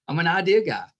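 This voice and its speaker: A man's voice: sits high, a bit bright, slightly rough. A middle-aged man hosting a podcast interview, easygoing and jokey in casual chat. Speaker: podcast host.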